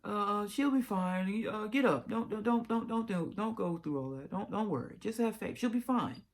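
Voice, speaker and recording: A woman voicing her own mother as a steady, faith-driven older woman who keeps stammering out the same urgings. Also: mid-range voice, moderate pace, voice pushed up, lightly acted. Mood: soothing, insistent. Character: the narrator's mother, calm, faith-driven, insistent.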